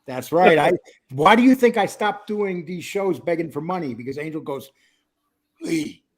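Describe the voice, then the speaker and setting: Husky, lively high-voiced male host. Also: normal speed. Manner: joking, teasing, reads chat aloud. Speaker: livestream host. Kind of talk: casual livestream chat.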